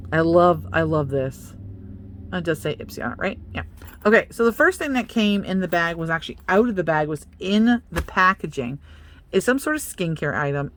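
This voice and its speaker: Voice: mid-range voice, a bit bright, slight background noise. A young adult beauty vlogger in casual unboxing chat, chatty and playful, joking about themself and talking straight to the products. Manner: self-mocking.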